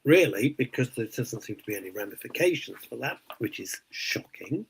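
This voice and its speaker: A man's voice: medium pitch, sing-song, brisk, gravelly, husky, rough recording. A man hosting a radio show, ranting indignantly in casual opinionated chat. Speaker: radio host.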